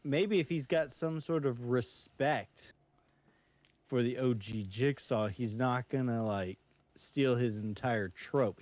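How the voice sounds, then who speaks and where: A man's voice: medium pitch, darkish tone, dry recording. A man co-hosting a casual movie review podcast, rambling with many restarts and jokey asides. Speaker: podcast co-host.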